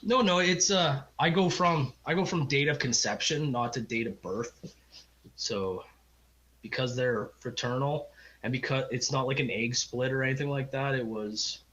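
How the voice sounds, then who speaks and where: A middle-aged Canadian man appears as a podcast guest, telling a long personal story in a rambling, heartfelt way and acting out the people he quotes. His mid-range voice is fairly bright at a moderate pace. The lo-fi audio sounds slightly dull in this casual storytelling interview.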